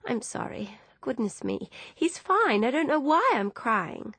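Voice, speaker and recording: A woman voicing a young female film director, gentle and apologetic, speaking in an earnest, softly confiding way. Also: medium pitch, animated, normal speed, creaky, dry recording. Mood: tearful.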